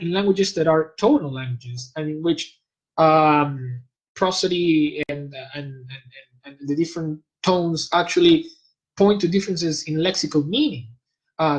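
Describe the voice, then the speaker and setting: A man whose first language is Spanish, speaking as a guest expert in an academic talk. He explains things in a measured, lecturing way and pauses to search for terms. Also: a little high, rough recording.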